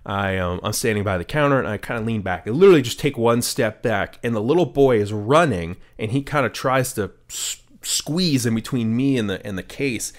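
A man's voice: mid-range voice, animated, brisk, few pauses. A man co-hosting a podcast in casual chat, rambling through an anecdote with fillers and restarts. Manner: rambling storyteller, many fillers and restarts, laughs at own story. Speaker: podcast co-host.

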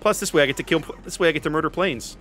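A man's voice: fairly high pitch, very fast, a bit bright, soft background music. A man casually commentating his own naval battle game, joking and sarcastic with theatrical asides. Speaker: gameplay commentator.

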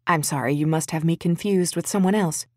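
A woman narrator voicing a polite, nervous young man at a party in an audiobook, speaking hesitantly and softly. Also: sits low, a little fast, no room sound, clean studio sound.

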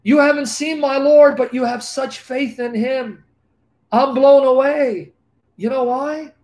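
Peter, a preacher voicing an awed older apostle. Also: male voice, very high voice, fairly even intonation, takes it slowly, darkish tone, pitched above the performer's own voice. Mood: awed, loving. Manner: fervent, heartfelt, repeating lines for emphasis.

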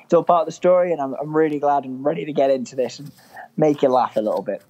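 Young man, mild northern English accent, fairly high voice, mellow tone, dull lo-fi sound, chatty podcast guest. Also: quick pace. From England. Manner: chatty, good-humoured storytelling. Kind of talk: casual chat.

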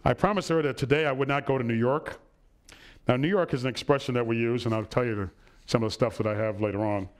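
A man's voice: medium pitch, fast. A middle-aged man giving a personal lecture to an audience in a hall, telling family stories and checking in with "right?". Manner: warm storytelling, asks "right?" often.

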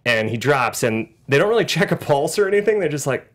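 A man co-hosting a film podcast in casual chat, animated, laughing often and acting out lines. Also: on the high side, fast. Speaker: podcast co-host.

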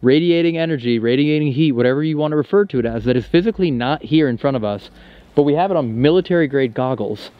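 A man hosting a paranormal investigation, talking excitedly and insistently outdoors at night and often repeating himself. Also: medium pitch, fast, lo-fi sound, background noise. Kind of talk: excited on-location commentary.

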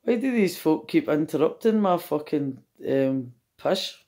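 A woman's voice: low-pitched, animated, unhurried, warm tone. A Scottish woman singing karaoke on her couch at home and chatting bluntly between verses, swearing and mocking herself. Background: karaoke backing music.

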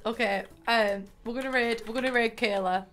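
Bright, tearful woman streamer. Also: on the high side, fairly even intonation, a little fast. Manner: chatty, self-mocking, rambling with restarts. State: tearful, emotional. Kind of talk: casual end-of-stream chat. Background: soft game music.

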